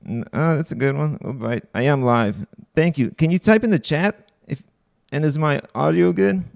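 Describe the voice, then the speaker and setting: Young man, gravelly voice, blunt profane livestream host, dry close sound. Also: fairly high pitch, normal speed, no echo. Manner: blunt, profane, offhand asides. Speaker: livestream host reading posts. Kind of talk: casual livestream commentary.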